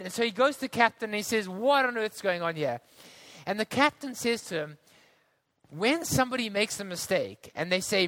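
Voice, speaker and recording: A man from delivers a sermon. His voice sits high and rings bright, and he moves between earnest storytelling and easy conversational asides. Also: animated, moderate pace. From South Africa. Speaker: preacher.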